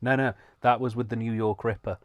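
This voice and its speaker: A man's voice: medium pitch, steady tone, a little fast, no room sound. A man co-hosting a comedy film commentary, cracking dry jokes and laughing often. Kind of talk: joking movie commentary banter.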